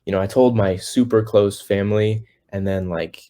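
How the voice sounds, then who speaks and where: A teenage boy with a lowish voice talks through his story in loose, rambling chat. He leans on fillers and restarts, breaking into little voices when he quotes people. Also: steady tone, moderate pace, warm tone. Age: teens. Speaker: guest singer. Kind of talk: casual interview.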